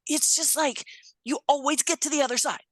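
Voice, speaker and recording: A woman telling a story in an animated way, swearing casually and acting out the voices of people she quotes. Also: sits high, brisk, dry recording. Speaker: guest.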